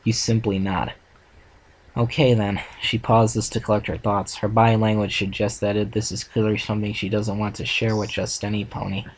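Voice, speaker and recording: A man reading a second-person fan story aloud for a reaction video, steady with small restarts. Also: on the low side, a little fast, few pauses, slightly rough, poor audio. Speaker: fan fiction reader.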